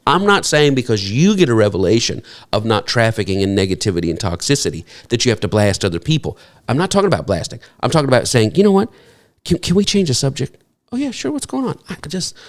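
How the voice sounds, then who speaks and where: A man preaching a sermon as pastor, talking in a conversational, humorous way and jumping up in pitch to act out what people might say. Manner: animated, jumps into high-pitched acted quotes; conversational, self-deprecating humor.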